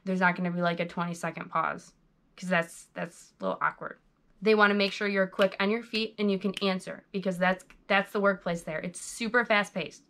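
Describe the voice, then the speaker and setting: A woman's voice: lowish voice, steady tone, fairly quick, a bit bright. Bubbly young woman vlogging. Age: young adult. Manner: bubbly, chatty, lots of "like" and "um". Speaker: vlogger giving interview tips. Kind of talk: casual tips vlog. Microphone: GoPro camera.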